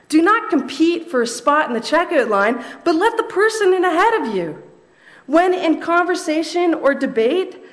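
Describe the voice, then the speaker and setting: Slow, high-voiced woman preaching. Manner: measured, repeats key phrases for emphasis. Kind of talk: sermon.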